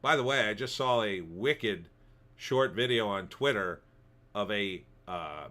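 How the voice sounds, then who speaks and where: A man's voice: lowish voice, pushed and bright. A man hosting a livestream, rambling casually as he reads viewer comments. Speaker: livestream host. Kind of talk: casual commentary reading chat.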